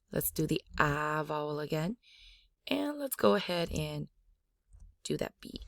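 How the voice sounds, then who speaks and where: A woman's voice: low-pitched, slow pace, creaky, no echo. A woman teaching a language lesson, repeating each sound aloud to demonstrate it. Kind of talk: slow spoken language lesson.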